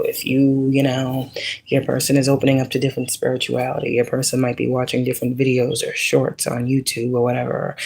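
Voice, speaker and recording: A woman's voice: very deep voice, a little mellow, a little hiss or hum. Profane, joking spiritual reader woman. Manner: blunt, profane, joking asides. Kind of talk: casual spiritual reading.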